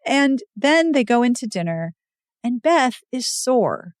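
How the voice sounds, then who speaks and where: A woman's voice: on the high side, slow, no echo, studio quality. A woman co-hosting a podcast, recapping a book in casual chat and acting out the characters' lines. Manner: animated retelling, acts out dialogue. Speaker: podcast co-host.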